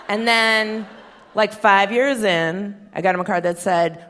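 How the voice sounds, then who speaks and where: A woman in her thirties doing a stand-up comedy set, blunt and profane, with sardonic deadpan punchlines. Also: fairly low pitch, moderate pace. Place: stage before a live audience. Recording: hall reverb and faint hiss.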